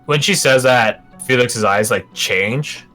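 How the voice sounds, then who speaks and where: A man's voice: medium pitch, slow, sharp tone, soft background music. A man narrating as game master in casual, joking talk that includes some swearing.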